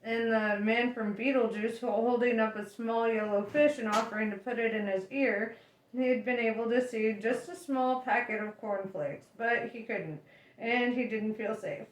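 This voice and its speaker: A woman reading a novel aloud as an audiobook reader, lively and expressive. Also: on the high side, normal speed, slight background noise. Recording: echoey room.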